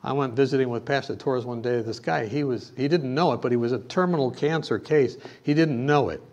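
A man's voice: medium pitch, a little fast, a little mellow. A man preaching a sermon, telling a personal story and then urging his listeners with emphatic exhortation. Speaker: pastor.

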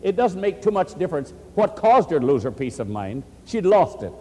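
A man preaching and answering questions, earnest and animated, often quoting scripture. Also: high voice, brisk, long reverb tail. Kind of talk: sermon-style question and answer.

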